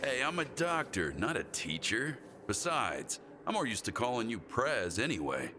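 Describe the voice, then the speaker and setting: A man's voice: mid-range voice, sing-song, moderate pace, noisy background, close to an everyday voice. A man voicing a weary, sarcastic school doctor in a video game, grumbling in dry banter.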